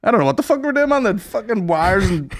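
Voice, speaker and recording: A man's voice: sits high, big pitch swings, rapid-fire, no room sound, studio quality. A man co-hosting a podcast, telling rambling, sweary anecdotes in casual chat and acting out what people said. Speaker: podcast co-host.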